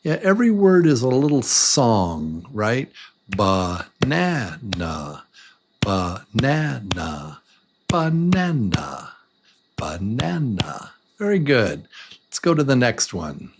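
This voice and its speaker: A man teaching a beginner English lesson, speaking slowly and deliberately and repeating words beat by beat. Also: medium pitch, sing-song, slight background noise. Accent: American. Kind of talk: slow, patient beginner lesson.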